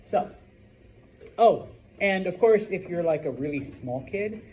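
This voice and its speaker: A man leading a Spanish class in a relaxed, chatty way, sprinkling in jokes and constant "okay?" checks. His voice sits a little high but sounds warm and mellow. A faint hiss of noise hangs behind him. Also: a little slow, rough recording. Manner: chatty, joking asides with many okays. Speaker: Spanish teacher. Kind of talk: classroom lesson.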